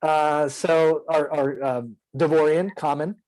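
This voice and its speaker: A man speaking in a somewhat raised pitch, talking casually about the character he plays. He is earnest and rambles, with lots of ums and restarts. It sounds like easygoing chat between game friends. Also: steady tone, slow pace, a little mellow, rough recording. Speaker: player.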